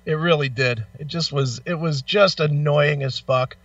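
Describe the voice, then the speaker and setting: A man with a bright, tense, slightly high voice swears his way through a story in animated casual chat, in back pain. The sound is dry but dull and lo-fi, as if he sits some way off the mic. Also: a little slow, no room sound, recorded from a distance. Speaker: radio show co-host.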